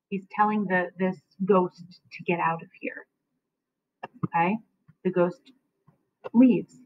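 A woman's voice: on the low side, steady tone, slow pace, long pauses. A woman teacher explaining a play to her students, checking in often with a questioning "okay?". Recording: dry, tinny phone-like sound.

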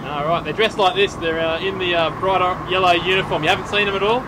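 An Australian man, a co-host, doing jokey deadpan street interviews outdoors and bantering with his co-host. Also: sits high, fast, noisy background. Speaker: co-host and roving reporter. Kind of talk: casual vox-pop comedy reporting.

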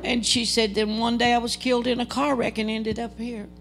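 Older woman preaching, gravelly voice. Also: on the high side, flat delivery, fairly quick, a little hiss or hum. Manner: earnest, dramatic storytelling with quoted dialogue. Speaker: guest preacher. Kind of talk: testimony sermon. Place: church service.

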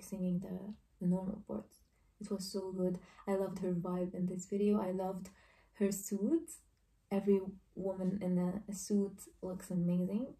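A woman's voice: mid-range voice, dark tone, distant mic. A woman hosting a casual music video reaction, talking in gushing exclamations with loose, informal phrasing. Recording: echoey room, voice off-mic.

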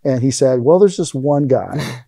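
Man telling stories in a warm, dry voice. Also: medium pitch, unhurried, husky, no room sound. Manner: rambling anecdotes, acts out quoted lines. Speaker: interview guest, aikido teacher. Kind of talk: casual storytelling interview.

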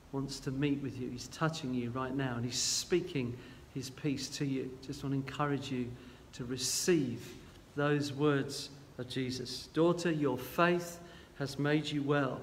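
A man preaching a sermon as a guest, retelling a Bible story in an earnest, gentle and halting way. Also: mid-range voice, big-room sound, slight background noise.

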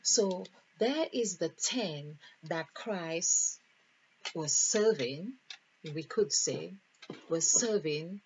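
A woman teaching a spiritual numerology lesson, thinking aloud in a deliberate, musing way as she counts out numbers. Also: fairly low pitch, lively intonation, darkish tone, a little hiss or hum. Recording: dull lo-fi recording.

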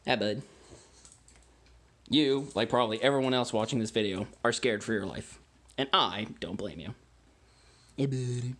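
A man's voice: mid-range voice, normal speed, long pauses, a bit bright. A man hosting a casual home video, tasting wine and chatting to his dogs between remarks. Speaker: amateur wine vlogger.

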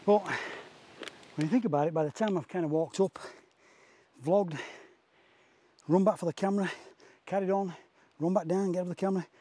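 A man's voice: high-pitched, steady tone, normal speed, long pauses, warm tone. A man vlogging outdoors on a hike, a bit out of breath, chatty and self-mocking, talking into a clip-on mic. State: out of breath from hiking. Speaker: landscape photographer vlogger. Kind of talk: casual outdoor vlog. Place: outdoors on a windy hill. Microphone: wireless clip-on mic.

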